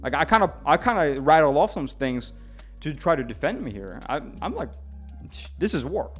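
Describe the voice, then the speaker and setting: Non-native English-speaking male streamer, slightly tipsy, rambling and animated, stumbling over his words, faint music behind him. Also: fairly high pitch, a little fast. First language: not English. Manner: rambling, animated, frequent restarts and stammers. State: slightly drunk. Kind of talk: casual storytelling to stream chat.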